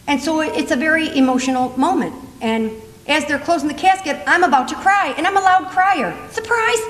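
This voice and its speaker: A woman in her sixties telling a funny family story on stage, in an animated, self-mocking manner, laughing often. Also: high-pitched, normal speed. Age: 60s. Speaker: comedic storyteller. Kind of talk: stand-up storytelling. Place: conference hall stage. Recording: echoey hall, faint ambience.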